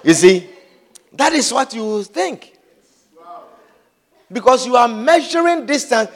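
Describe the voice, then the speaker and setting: A man's voice: very high-pitched, very animated, slow, a bit bright. A pastor preaching a sermon. He repeats key phrases for emphasis and keeps asking the congregation whether they understand.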